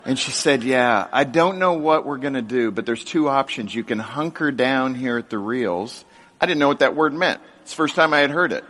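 A middle-aged man recounts his childhood to a live crowd, jumping between hushed asides and sudden high, excited bursts. His voice sits at an ordinary pitch, and a long hall reverb trails behind every word. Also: moderate pace, a little hiss or hum. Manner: animated, jokey storytelling with big pitch swings. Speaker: speaker telling his life story to an audience. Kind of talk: storytelling talk to a live audience. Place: large hall with an audience.

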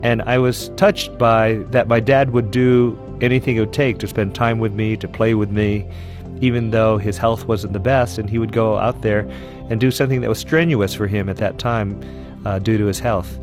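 A man's voice: fairly low pitch, steady tone, moderate pace, music in the background. A man sincerely recalling a fond childhood memory. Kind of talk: personal reminiscence.

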